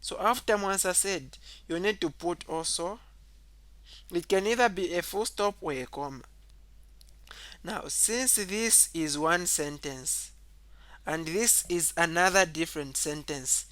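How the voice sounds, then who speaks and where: Man, teacher, bright voice, somewhat high, dry close sound, step-by-step explaining, repeats himself. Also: no room sound. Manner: explains step by step, repeats points, says okay often; reads example sentences aloud louder and higher. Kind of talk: whiteboard grammar lesson.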